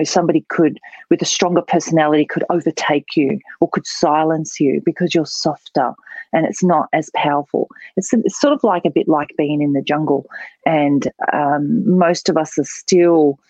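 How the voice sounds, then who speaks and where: A woman's voice: sits low, a little mellow, no echo. A woman, a public speaking trainer, explaining voice tone as a guest in a podcast interview. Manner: explanatory, demonstrating voice types. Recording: dull lo-fi dry sound.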